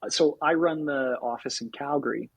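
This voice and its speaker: Canadian man, husky, energetic podcast guest, dry close sound. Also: mid-range voice, moderate pace, no room sound, muffled recording. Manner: energetic, laughs often, acts out sales calls. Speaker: podcast guest, sales executive. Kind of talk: casual podcast conversation.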